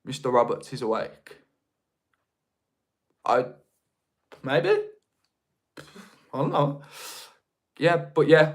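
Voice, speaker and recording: A young man with a broad Birmingham accent talks loosely to his livestream viewers, often restarting his sentences. His voice sits a little higher than most men's. He speaks in a casual, unpolished way. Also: fairly even intonation, slow pace, pauses often. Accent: Birmingham (Brummie). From Birmingham, England. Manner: chatty, rambling, with many restarts. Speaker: livestream host. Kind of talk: casual live chat reading viewer comments.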